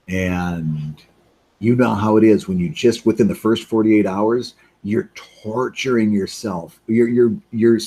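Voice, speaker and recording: A man's voice: fairly low pitch, darkish tone, breathy edge. A middle-aged man livestreaming from his home studio, chatting casually while he draws and stumbling over repeated words. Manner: rambling, repeats words, reads chat aloud. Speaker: webcomic artist livestreaming.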